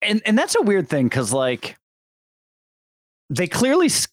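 A man chatting casually about a film, halting and full of restarts and fillers. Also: high voice, wildly swooping pitch, dry recording, studio quality. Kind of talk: casual podcast chat.

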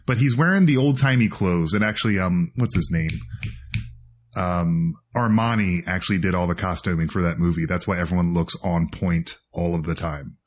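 A man's voice: sits low, normal speed. A man co-hosting a podcast in casual chat, joking and laughing often. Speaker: podcast co-host.

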